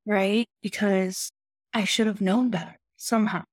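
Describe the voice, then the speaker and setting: A woman's voice: medium pitch, steady tone, a little slow, no echo, clean studio sound. A woman talking openly and confessionally about her own struggles on a recovery podcast. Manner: open, confessional. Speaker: podcast participant. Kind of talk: candid recovery chat.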